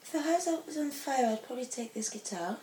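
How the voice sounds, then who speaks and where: A woman's voice: sits high, expressive, fast, warm tone, reverberant, far from the mic, slight background noise. A woman singer-songwriter answering interview questions casually and hesitantly, often searching for her words.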